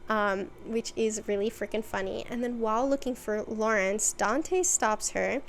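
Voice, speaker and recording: A woman's voice: medium pitch, unhurried, a little hiss or hum. A woman hosting her own video, giving a chatty, casual recap full of "like" and wry asides. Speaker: video essay host.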